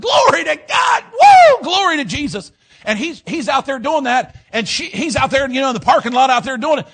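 Fiery high-voiced preacher. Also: male voice, husky. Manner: emphatic preaching with repeated amens, swinging from loud to hushed. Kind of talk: fiery sermon.

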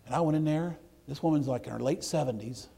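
A middle-aged man, a preacher telling folksy stories in a sermon, swinging between loud outbursts and hushed, near-whispered passages. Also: fairly high pitch, fast, gravelly, breathy edge. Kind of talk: storytelling sermon.

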